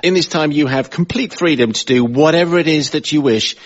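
A man's voice: a little high, fairly quick, dull audio. A man hosting a comedy panel show, reading scripted announcements and scores in a formal way. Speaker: game show host. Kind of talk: scripted presenting.

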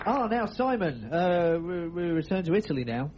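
A man's voice: a little high, big pitch swings, moderate pace, highs cut off, noisy background. A man hosting a comedy radio show, telling odd news stories with playful, laughing patter. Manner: playful, laughing, jumps into funny voices. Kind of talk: jokey comic radio patter.

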